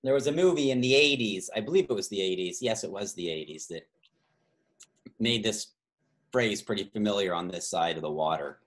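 A man hosting a trivia quiz over a video call, reading out multiple-choice options slowly and drawing out the key words, with chatty asides and quick self-corrections. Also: lowish voice, animated. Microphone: video call microphone.

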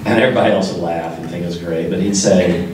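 A man's voice: sits low, fairly even intonation, quick pace, a little mellow, distant mic, slight background noise. A man speaking off the cuff about his late father at a memorial, joking loosely with many fillers. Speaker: son of the deceased, event host. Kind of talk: unprepared memorial speech. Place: large room at a memorial. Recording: echoey hall, speaker off-mic.

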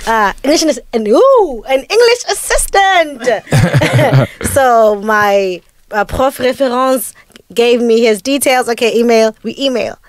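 A woman with a high voice hosts a loose podcast conversation. She talks in an easygoing way and laughs often. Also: expressive, slow pace, dry recording. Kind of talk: casual chat.

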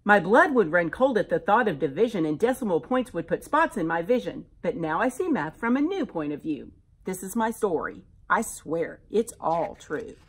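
Woman teacher, expressive picture-book reader, low husky voice. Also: moderate pace. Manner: animated, expressive storyteller. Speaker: teacher reading to children. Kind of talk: reading a rhyming picture book aloud.

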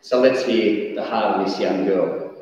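A man preaching a lively sermon, telling stories with sudden shouted bursts. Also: lowish voice, measured pace. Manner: animated storytelling, bursts of shouting. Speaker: pastor. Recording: echoey hall, distant dull mic.

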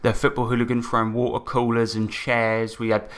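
A relaxed man, mid-pitched and easygoing, tells the story of a tabletop session to his fellow players. He swears casually and slips small laughs into his sentences as he explains the rules. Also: a little fast, clean tone. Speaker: game master and podcast host. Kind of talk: casual podcast chat, recapping a tabletop campaign.

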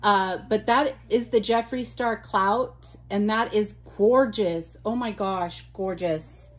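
A woman talks through an unboxing for her channel in a relaxed, unhurried way. She gushes and exclaims as she chats, with a voice of middling pitch. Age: adult. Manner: gushing, exclamatory, chatty. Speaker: vlogger unboxing mail. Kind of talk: casual unboxing chat.

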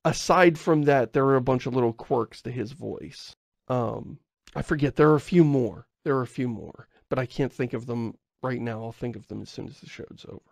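Gravelly American man chatting. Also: medium pitch, normal speed, no echo, clean studio sound. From United States. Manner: lively, playful, loves doing character voices. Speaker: podcast co-host. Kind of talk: casual chat.

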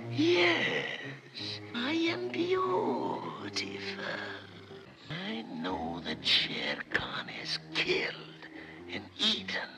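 A performer voicing a sly, menacing python with a hissing, drawn-out whisper. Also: medium pitch, gravelly, exaggerated voice. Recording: film clip over music.

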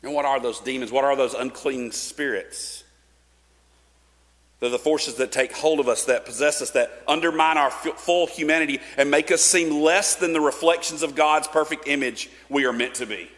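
Guy preaching, chatty w lots of likes, kinda high voice, big church echo. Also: moderate pace, fairly bright tone. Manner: casual, conversational, with filler likes and restarts. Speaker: pastor. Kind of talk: sermon. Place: church sanctuary. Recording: long church reverb.

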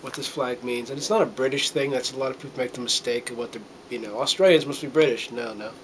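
A man's voice: mid-range voice, fairly even intonation, fast talker, slight background noise, poor audio. A middle-aged man from the United States talking to a handheld camera in a casual, earnest monologue, rambling with many fillers and restarts and getting a little choked up. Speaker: vlogger.

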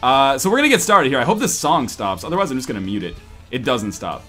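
Lively, profane male podcast host. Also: mid-range voice, fast talker. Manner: animated, profane, mock-dramatic. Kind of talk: casual chat and reading a visual novel aloud. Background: faint rock music.

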